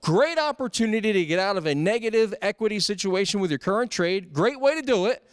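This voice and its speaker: A man hosting a dealership commercial in a very high, smooth and resonant voice, upbeat and polished like an announcer. The sound is close and dry. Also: lively intonation, a little fast, no echo. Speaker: TV commercial host.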